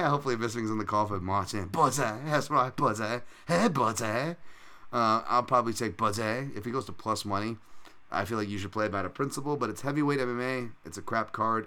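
A man's voice: lowish voice, bright, forceful tone, clean tone. A man hosting a fight betting podcast in casual, profane, rambling chat with self-mocking jokes.

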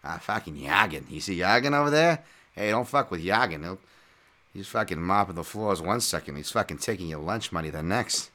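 A man's voice: low voice, lively intonation, brisk, sharp tone. A man voicing a brash, profane tough guy with a Boston accent.

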